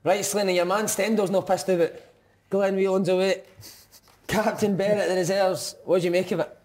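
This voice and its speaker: A man's voice: high voice, fairly even intonation, moderate pace, a little mellow. A Scottish man hosting a casual football chat and teasing the other speakers with questions. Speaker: podcast host.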